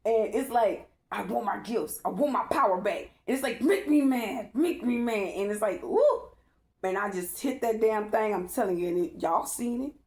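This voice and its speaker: A woman's voice: mid-range voice, moderate pace, few pauses, darkish tone. A woman giving a casual spiritual reading, emphatic and profane, talking straight to her viewers. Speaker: spiritual tarot reader.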